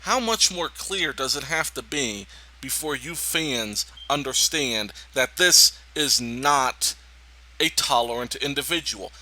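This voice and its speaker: A man giving indignant, emphatic political reaction commentary on a video clip, pausing to talk over it. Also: mid-range voice, expressive, sharp tone, rough recording.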